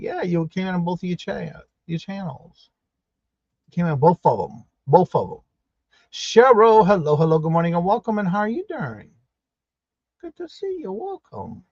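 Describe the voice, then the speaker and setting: A man hosting a live stream, warmly greeting each viewer by name in an upbeat, repetitive way. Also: on the high side, dry recording, highs cut off. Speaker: livestream host.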